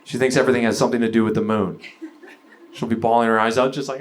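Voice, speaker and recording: A man's voice: mid-range voice, steady tone, fast. A young man from Canada doing a stand-up comedy set on stage, ranting profanely with lots of fillers. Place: comedy venue stage before a live audience.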